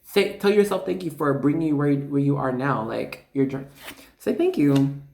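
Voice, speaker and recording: A tarot reader giving a casual spiritual card reading, excitable and chatty, with lots of fillers and asides. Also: medium pitch, moderate pace, vocal fry. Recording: echoey room.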